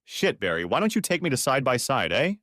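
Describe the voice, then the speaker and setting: A man's voice: medium pitch, huge pitch swings, brisk, a bit bright, no room sound, studio quality, pitched above the performer's own voice. A man voicing a bossy middle-aged mother who orders her husband around.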